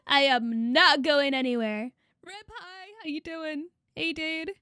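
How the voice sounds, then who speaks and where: A woman's voice: high-pitched, measured pace, pushed and bright, dry recording, studio quality. A young adult woman streaming live, chatting casually and crudely and greeting her chat by name. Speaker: vtuber streamer.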